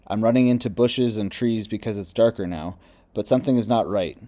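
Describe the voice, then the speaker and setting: A lost and bitter male ghost, depressed and confused, speaking low and quietly in a mellow, darkish voice, as a male audiobook reader voices him. The delivery stays subdued and plain. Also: brisk, lightly acted. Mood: frightened.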